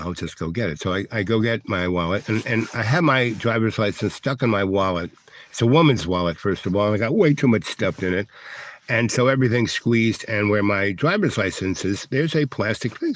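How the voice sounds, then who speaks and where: A man's voice: lowish voice, animated, a little fast, slight background noise. A man vlogging, telling a long rambling story to his viewers with many fillers and restarts, acting out other people's lines. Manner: acts out other people's lines in raised voices. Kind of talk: casual storytelling monologue to viewers.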